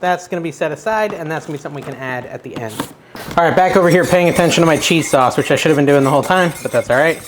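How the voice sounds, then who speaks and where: A man's voice: a little high, very fast, slight background noise. A man hosting a casual cooking vlog from his kitchen, chatting as he cooks in an unsure, self-deprecating way. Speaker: cooking show host.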